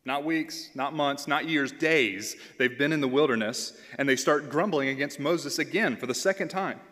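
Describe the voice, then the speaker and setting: A man's voice: fairly high pitch, normal speed, fairly bright tone. A man serving as a pastoral intern, preaching a sermon in an earnest way, reading scripture aloud and repeating phrases for emphasis. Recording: long hall reverb.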